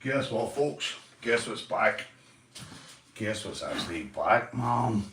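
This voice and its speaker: Northern irish guy chatting on his stream, lowish voice, a bit far off the mic. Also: animated, slow pace, reverberant, very noisy. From Northern Ireland. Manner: chatty, sweary storytelling, talks to viewers. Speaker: livestream host. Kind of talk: casual livestream chat.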